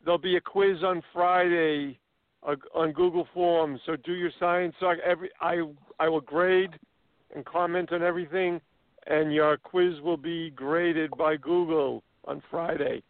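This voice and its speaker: A male science teacher giving brisk, practical class reminders on a casual online show. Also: fairly high pitch, steady tone, no echo. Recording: tinny video call.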